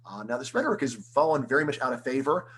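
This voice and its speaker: A man, an economics professor, giving an online lecture in a conversational style, full of rhetorical questions and quick restarts. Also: mid-range voice, animated, a bit bright, breathy edge, poor audio. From United States.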